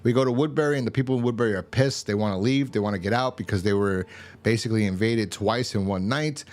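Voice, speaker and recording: A man's voice: on the low side, quick pace, darkish tone. A man casually recapping a TV episode in a rambling way, with many fillers and restarts. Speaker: TV episode reviewer.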